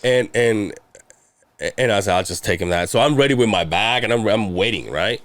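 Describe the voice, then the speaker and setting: A man's voice: fairly low pitch, lively intonation, normal speed, a bit bright, no room sound. A man in his thirties telling a long personal story in casual chat, rambling and profane, acting out the people he quotes. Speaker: podcast guest telling a story.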